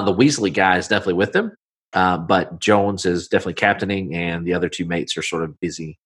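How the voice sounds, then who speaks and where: Low-voiced male game master, casual and rambling. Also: a bit bright, husky. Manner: casual, rambling, full of fillers. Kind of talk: narrating a tabletop game.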